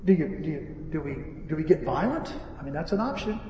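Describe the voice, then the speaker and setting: A man preaching a sermon, telling an animated story with acted-out dialogue. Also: fairly high pitch, a little fast, lo-fi sound, a little hiss or hum. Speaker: pastor and repair-shop owner. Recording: echoey hall, voice from far off, faint ambience.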